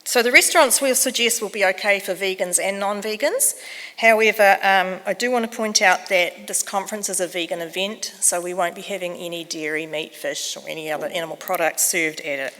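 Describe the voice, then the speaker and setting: A woman's voice: mid-range voice, a little fast, a bit bright. A woman, a conference organizer giving chatty, self-deprecating housekeeping announcements with frequent ums. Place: conference hall. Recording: echoey hall with long reverb.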